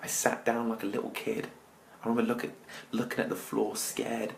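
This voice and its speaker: A man, a motivational speaker, telling his personal story to an audience with dramatic pauses, often dropping his voice to near-whispers. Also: mid-range voice, completely flat delivery, vocal fry, slight background noise, rough recording.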